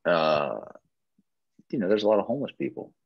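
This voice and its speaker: A man's voice: low voice, sing-song, a little fast, no room sound, muffled recording. A man hosting a webinar over video call, talking in a laid-back way full of "man" and "you know.". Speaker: webinar host. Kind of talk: casual group video-call chat.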